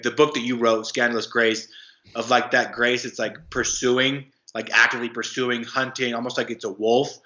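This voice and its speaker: A man's voice: medium pitch, sharp tone. A young man, a podcast guest, telling a personal story casually with many fillers and restarts. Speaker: podcast guest, anti-trafficking worker. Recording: dull lo-fi sound.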